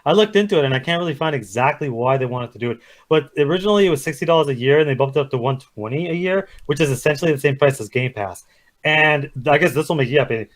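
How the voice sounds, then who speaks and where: A man co-hosting a casual chat, arguing his point quickly. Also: a little high, expressive. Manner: quick, argumentative. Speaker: podcast co-host.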